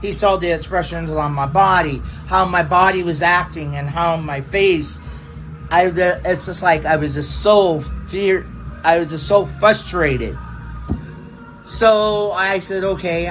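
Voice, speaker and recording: A man, a pastor, telling a personal testimony in a halting, repetitive way, circling back over the same phrases. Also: high voice, a bit bright, rough recording.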